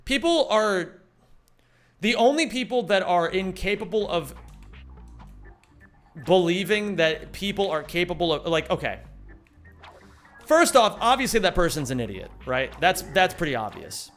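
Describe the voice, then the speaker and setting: Young guy streaming, high voice, cursing n rambling, faint game music behind. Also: animated, normal speed, a bit bright. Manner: profane, rambling, reads chat aloud. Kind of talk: casual live-stream chat.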